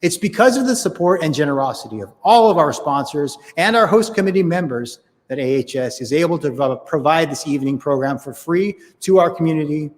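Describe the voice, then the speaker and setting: A man's voice: on the high side, in a large hall. A man hosting a gala, politely reading out thanks and announcements. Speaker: gala host. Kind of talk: scripted event hosting.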